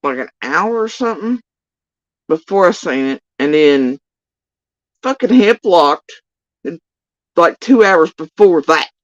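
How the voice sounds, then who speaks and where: A woman's voice: lowish voice, expressive, takes it slowly, long pauses, no room sound. A woman giving casual ranting livestream commentary, profane, sarcastic and exasperated, on a dull, dry lo-fi recording. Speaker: YouTube drama commentator.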